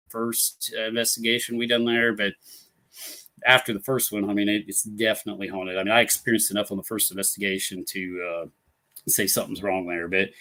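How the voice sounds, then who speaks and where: A man's voice: lowish voice, bright, forceful tone. A man hosting a paranormal talk show live, telling a story in a rambling casual way full of fillers and restarts, over a computer mic. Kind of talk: casual live-stream chat. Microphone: computer mic on a live stream.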